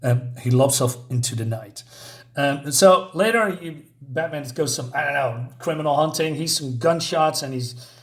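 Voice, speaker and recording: Brief: male comic reviewer, loose and chatty, frequent chuckles, slightly high voice. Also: normal speed. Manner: chuckling often, rambling with fillers. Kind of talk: casual review chat.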